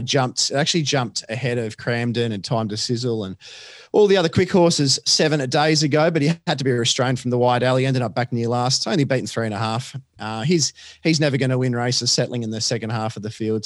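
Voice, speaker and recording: An Australian man tipping horse races on a podcast, chatty and quick, with lots of fillers and restarts. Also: mid-range voice, dry recording, studio quality. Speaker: racing podcast tipster. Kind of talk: casual racing chat.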